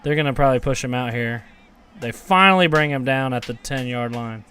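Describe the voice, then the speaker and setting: A man's voice: medium pitch, moderate pace, pushed and bright. A young man reacting live to a football game, grumbling and cursing at his team and then erupting into cheers on big plays. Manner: frustrated, swears, talks back to chat.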